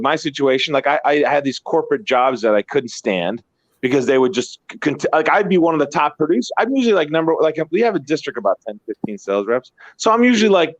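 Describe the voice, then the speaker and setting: Fast-talking animated man, dull dry sound. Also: a little high, no room sound. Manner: animated storytelling, swears freely, repeats words. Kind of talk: casual chat.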